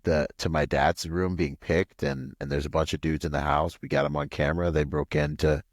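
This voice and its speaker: A man from Washington State, a podcast guest, telling a long personal story in a rambling, animated way full of "like" and "you know.". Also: fairly quick, dry recording, clean studio sound. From Washington State, USA. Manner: acts out quoted voices with pitch jumps. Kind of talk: casual storytelling interview.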